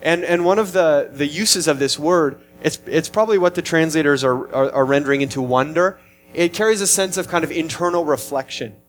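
A man's voice: fairly high pitch, a little fast, slight background noise. A man preaching a sermon in an earnest, emphatic way, often restarting his phrases as he explains a passage. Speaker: pastor.

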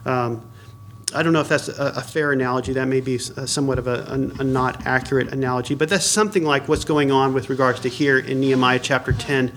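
A man's voice: medium pitch, steady tone, fast, a bit bright, a little hiss or hum. A man, a pastor, preaches a sermon in a conversational way, with many fillers and restarts, and asks the congregation questions.

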